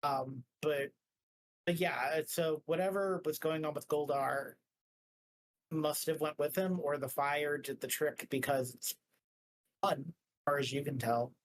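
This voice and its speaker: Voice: medium pitch, fairly even intonation, measured pace, pauses often, poor audio. A game master narrating a tabletop game in a rambling casual way, full of filler words.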